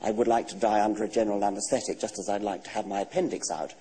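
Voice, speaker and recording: Low, mellow older English man. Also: steady tone, rough recording. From England. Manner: measured, dry, matter-of-fact. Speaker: guest author. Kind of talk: TV talk show interview. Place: TV studio.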